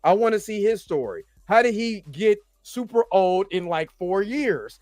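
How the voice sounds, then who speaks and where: A man's voice: high voice, animated, measured pace, darkish tone, no echo, clean studio sound. A man hosting a casual chat, rambling and often asking "you know what I'm saying". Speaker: host.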